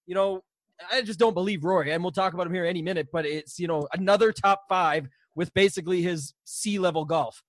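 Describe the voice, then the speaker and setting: A man with a high-pitched voice chats casually as a podcast co-host and jokes at his own expense. The sound is close and dry. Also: a little fast, dry recording.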